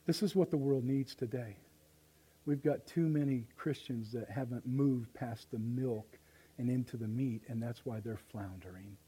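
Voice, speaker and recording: A male pastor preaching live in church, folksy and impassioned, swinging from hushed asides to loud appeals. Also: medium pitch, normal speed, breathy edge, low-quality recording. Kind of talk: sermon.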